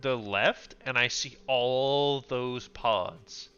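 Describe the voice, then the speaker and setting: Slow-talking excitable man playing a tabletop game. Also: medium pitch. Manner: excitable, shouts in bursts, many fillers. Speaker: player. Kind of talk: tabletop game play, in character at times. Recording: dull lo-fi sound with faint background music.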